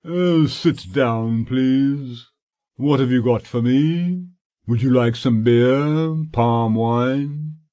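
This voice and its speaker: A man voicing a fat, pompous, scheming middle-aged male solicitor in an audiobook, talking in a drawn-out, sanctimonious way. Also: medium pitch, warm tone.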